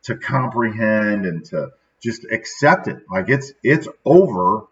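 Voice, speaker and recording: A man's voice: lowish voice, animated, measured pace, a bit bright. Sad, reflective man with a muffled, distant sound. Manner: casual, reflective, peppers speech with "right?". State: sad, subdued. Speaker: podcast host. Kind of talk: daily motivational talk.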